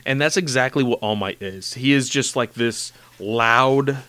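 An excitable man talks in a casual chat, gushing with enthusiasm and filling every pause with "like" and "you know". His voice is smooth and clear, at a middle pitch. It is recorded close and dry, with no room sound. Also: no room sound. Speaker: podcast host discussing anime.

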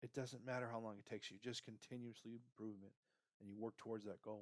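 A man's voice: lowish voice, level tone, brisk, no echo, clean studio sound. A man hosting a motivational career podcast, coaching the listener and tagging lines with "right?" and "okay?". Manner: pep-talk, repeats "right?" and "okay?", guides listener.

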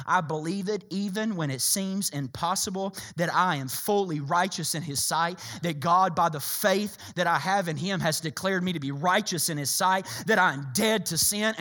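A man preaching a sermon as a pastor, impassioned, swinging from loud bursts to hushed lines. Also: sits high.

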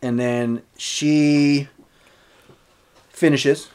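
Man recapping an episode, halting. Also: mid-range voice, steady tone, darkish tone, clear, resonant tone. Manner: halting, many fillers and restarts. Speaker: podcast host recapping a TV episode. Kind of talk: casual recap chat.

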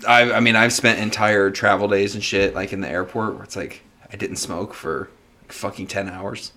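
A man's voice: fairly low pitch, fairly even intonation, normal speed, pushed and bright. A man telling stories among friends in casual, crude conversation. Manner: storytelling, blunt and crude.

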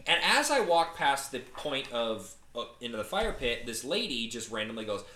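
A man's voice: mid-range voice, big pitch swings, moderate pace, bright, forceful tone, roomy sound. A man in his twenties telling a story in a casual podcast chat, joking, swearing and acting out quotes.

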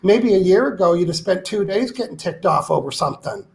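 Gravelly high-voiced man, animated. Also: brisk. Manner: emphatic, acts out quoted complaints. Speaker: guest author. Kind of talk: animated interview talk.

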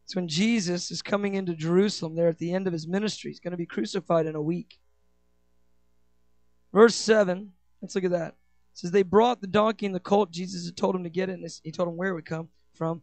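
A pastor preaching a sermon, rushing through quick asides, then slowing and rising into loud, shouted declarations. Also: male voice, high-pitched, steady tone, dry recording.

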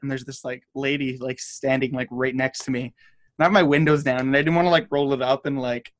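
A man chatting casually on a podcast, talking in halting starts and restarts. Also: medium pitch, level tone. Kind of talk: casual chat.

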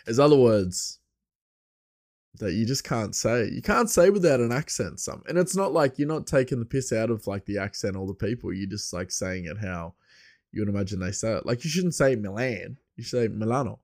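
Hosting his podcast alone, an Australian father of a young son rambles casually, laughs a lot and wanders off on tangents. He speaks at a normal speed in a lowish, slightly mellow voice that is very animated, captured as clean studio sound with no room tone.

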